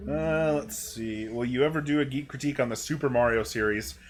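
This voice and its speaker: A man's voice: mid-range voice, a little fast, a crowd in the background. A young man hosting a casual livestream while playing, rambling with lots of fillers and frequent laughs. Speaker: streamer host.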